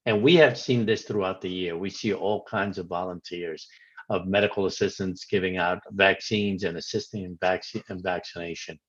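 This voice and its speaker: A man with a fairly low voice speaks as a medical director, giving a formal, measured address. He reads from prepared remarks at a steady pace. The audio is dull and lo-fi. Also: slightly rough.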